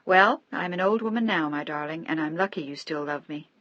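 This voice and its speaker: A woman voicing a gentle, anxious young wife who speaks earnestly and pleadingly. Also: low-pitched, fairly quick, no echo, dull audio. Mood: gentle teasing.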